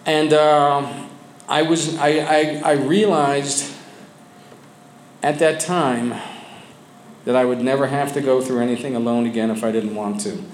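A man sharing his personal story with a support group, speaking candidly and haltingly with frequent restarts, sometimes dropping low and quiet. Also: a little hiss or hum. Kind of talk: personal testimony. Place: meeting room with a group of men. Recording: echoey room with faint ambience.

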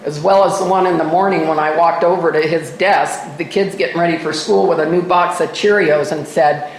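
A woman's voice: fairly low pitch, fairly even intonation, fairly quick, hardly any pauses, reverberant, slight background noise, low-quality recording. An older woman sharing her personal story at a recovery meeting, candid and self-mocking with wry humor. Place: meeting room. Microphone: microphone at a podium.

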